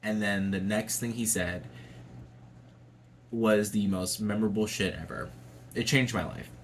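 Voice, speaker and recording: A man's voice: lowish voice, steady tone, measured pace, a little hiss or hum. A young adult man telling a personal story to camera in a casual, chatty way, swearing freely and laughing often. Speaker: vlogger.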